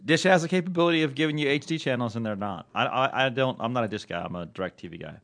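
A man's voice: medium pitch, expressive, quick pace, fairly bright tone. A man co-hosting a podcast, easygoing and riffing with his cohost in casual chat. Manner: easygoing, laughs and riffs with cohost. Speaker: podcast co-host.

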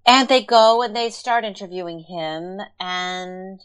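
Woman, podcast co-host, casual analytical chat, medium pitch voice. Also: slow pace, smooth. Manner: thoughtful, analytical, with frequent fillers. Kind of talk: casual chat recapping a TV episode.

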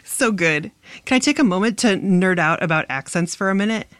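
A woman's voice: mid-range voice, lively intonation, a little fast, fairly bright tone, dry recording. A woman in a casual podcast chat, breaking down accents with eager, analytical detail. Her voice is recorded dry and close, with no room sound. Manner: analytical, enthusiastic about accents.

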